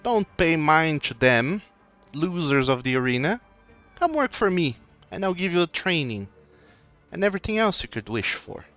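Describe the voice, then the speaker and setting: A man voicing a smooth-talking patron who tries to lure a young fighter away, speaking in a slow, coaxing voice. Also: on the high side, sing-song, fairly bright tone, faint music behind, voice pushed up.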